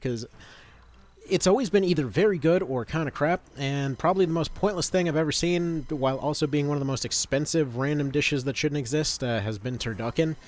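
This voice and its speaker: A man's voice: on the high side, a little mellow. A man in his thirties chatting casually as he streams a game, rambling with lots of fillers and restarts. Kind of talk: casual gameplay commentary.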